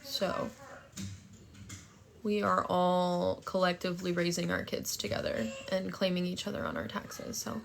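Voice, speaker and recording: A woman's voice: fairly low pitch, little pitch movement, a little slow, vocal fry, a little hiss or hum. A young woman telling a story and chatting on a phone livestream, brash and profane, thanking viewers for gifts. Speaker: TikTok live streamer.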